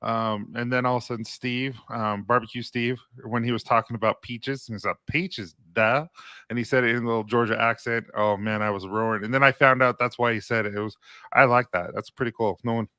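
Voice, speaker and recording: A man hosts a relaxed interview in a bright, forceful voice. He asks short, easygoing questions and chuckles along with his guest. The sound is close and dry, with no room around it. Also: medium pitch, fast talker, smooth, no room sound. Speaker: host, interviewer. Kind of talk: casual interview chat.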